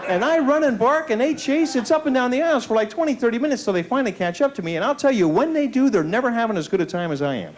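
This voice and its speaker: Guy doing standup, high voice that jumps all over, faint tape hiss. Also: fast talker, few pauses. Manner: animated, self-mocking storytelling with put-on voices. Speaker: stand-up comedian. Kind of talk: stand-up comedy set. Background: audience laughter.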